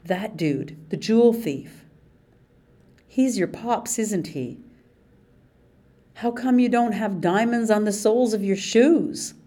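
A woman's voice: medium pitch, slow pace, long pauses, mellow, pitched above the performer's own voice. A woman reading an audiobook, voicing a blunt, hot-tempered teenage boy in a raised voice. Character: angry defiant teenage boy.

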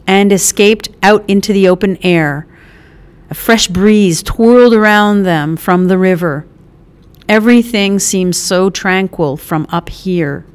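A woman's voice: mid-range voice, clear, resonant tone. A woman reading a novel aloud as an audiobook narrator, lightly voicing the characters, with small restarts.

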